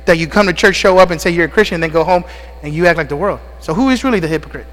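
A man's voice: on the high side, very fast, a bit bright. A male pastor preaching a sermon, asking the congregation questions and calling out amens, sounding out of breath. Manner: call-and-response preaching with frequent amens and questions. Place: church sanctuary. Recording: long church reverb with mains hum.

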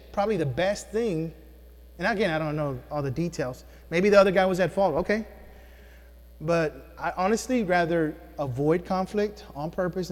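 High-voiced preacher in an echoing hall. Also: male voice, darkish tone. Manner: emphatic, call-and-response with congregation. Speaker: pastor. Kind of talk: sermon. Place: church sanctuary. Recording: long reverb of a hall.

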